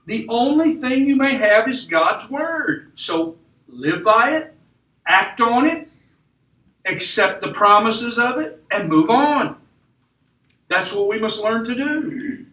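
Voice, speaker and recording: A man's voice: extremely high pitch, bright, forceful tone. A man preaching a sermon in a church, with emphatic delivery that rises and falls. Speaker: pastor. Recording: echoey church room from far off.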